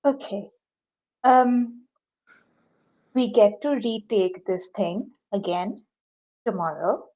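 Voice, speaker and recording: A woman's voice: medium pitch, takes it slowly. A woman playing a tabletop game, talking in character in a dry, businesslike way, on a dull lo-fi mic. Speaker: player.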